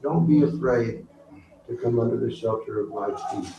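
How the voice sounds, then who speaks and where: A man giving a spiritual talk, teaching slowly and asking the audience questions. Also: mid-range voice, mellow, slight background noise. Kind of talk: sermon. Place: temple hall with audience. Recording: roomy, distant, dull hall recording.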